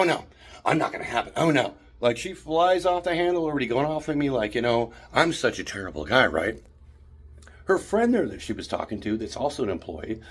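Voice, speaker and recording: Husky guy ranting into his phone in a hotel room, voice swings up and down a lot. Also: mid-range voice. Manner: animated, indignant storytelling. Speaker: vlogger. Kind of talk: ranting vlog story.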